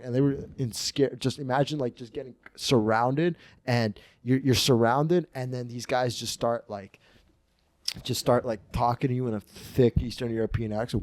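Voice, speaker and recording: Profane, animated young man telling stories. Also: mid-range voice, moderate pace, no room sound. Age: 20s. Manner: profane, animated, slangy, acts out voices in stories. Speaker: podcast host. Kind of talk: casual comedic storytelling.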